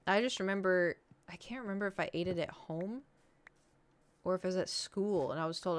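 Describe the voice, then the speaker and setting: A woman's voice: fairly low pitch, a little fast, clear, resonant tone. A woman streaming, chatting casually and animatedly with her viewers. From United States. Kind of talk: casual chat with chat.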